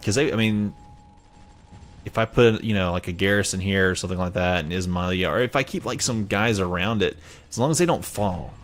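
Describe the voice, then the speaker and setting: A man's voice: low-pitched, a little fast, slight background noise. A man with a Southern US accent giving casual, rambling gameplay commentary, chatty and self-mocking. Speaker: let's play gamer.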